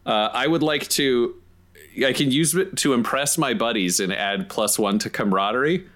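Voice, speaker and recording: A man playing a tabletop game, excitedly laying out his character's moves. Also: mid-range voice, normal speed. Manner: excited, laughing, animated planning. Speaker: player.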